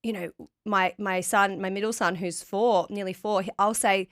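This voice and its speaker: A woman's voice: mid-range voice, fairly even intonation, moderate pace, hardly any pauses, dry recording. Woman podcast host; supportive, affirming chat, close and dry recording. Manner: supportive, frequent short affirmations. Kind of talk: casual interview chat.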